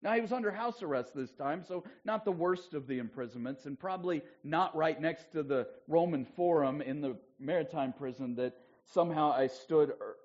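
Pastor, man, high-ish voice, loud then quiet, dull church tape. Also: moderate pace, hardly any pauses. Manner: conversational preaching with big swings between loud and hushed. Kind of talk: sermon.

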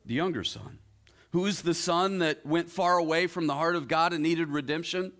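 A male pastor preaching a sermon, retelling a story with rhetorical questions and dramatic pauses. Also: fairly high pitch, fairly bright tone.

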